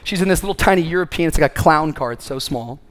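A man preaching a sermon as pastor, swinging from quick storytelling to loud, drawn-out preaching. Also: animated. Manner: builds to loud, high-pitched preaching, then drops to quick conversational storytelling.

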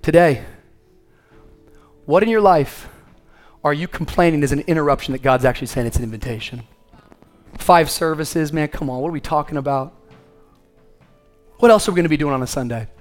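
A man preaching a sermon as pastor, swinging from quick storytelling to loud, drawn-out preaching. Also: faint music behind. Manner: builds to loud, high-pitched preaching, then drops to quick conversational storytelling.

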